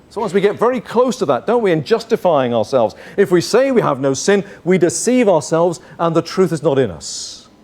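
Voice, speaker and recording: A man preaching a sermon as pastor, earnest, moving between forceful lines and hushed ones. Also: sits high.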